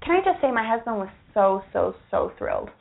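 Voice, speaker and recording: A woman's voice: mid-range voice, very animated, fairly quick, creaky, a little hiss or hum. A young adult woman co-hosting a radio show in casual, bubbly, giggly chat. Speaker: radio co-host. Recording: tinny phone-like broadcast audio.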